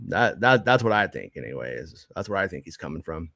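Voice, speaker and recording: A man's voice: low voice, sing-song, brisk, gravelly, hardly any pauses, sharp tone, no room sound, clean studio sound. A man co-hosting a casual podcast, reading viewer comments and answering in a loose, swearing, filler-heavy way. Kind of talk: casual chat.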